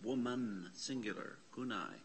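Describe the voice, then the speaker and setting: A man's voice: on the low side, measured pace, slightly rough. A man teaching a classroom lesson on Bible Greek in a church classroom, patiently spelling out letters and parsing words aloud.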